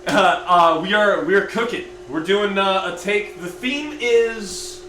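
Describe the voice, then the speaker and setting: A man with a bright, forceful voice hosts a home cooking stream, chatting loosely and reading out viewer comments. He sits back from the mic, and his kitchen rings with echo. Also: high-pitched, unhurried, a little hiss or hum. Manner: chatty, reads out viewer comments, lots of fillers. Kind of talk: casual live-stream chat. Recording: echoey room, mic at a distance.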